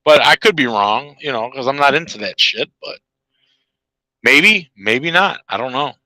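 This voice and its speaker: A man's voice: mid-range voice, animated, moderate pace, sharp tone, dry recording, poor audio. A man ranting in a heated, profane monologue to his viewers, laughing at his own jabs. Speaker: channel host.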